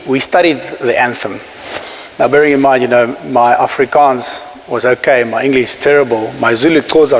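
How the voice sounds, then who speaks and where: A South African man in his forties tells a story from a conference stage, emphatic and pausing for effect. His mid-pitched voice rings with a long hall reverb, and a faint hiss sits under the recording. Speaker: keynote speaker. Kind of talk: inspirational keynote speech. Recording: hissy hall recording, echoing.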